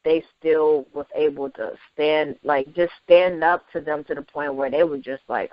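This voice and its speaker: A woman chatting casually as a podcast co-host, excitable and gushing, laughing often. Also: sits low, normal speed, hardly any pauses, no room sound. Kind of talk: casual chat. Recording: dry lo-fi recording.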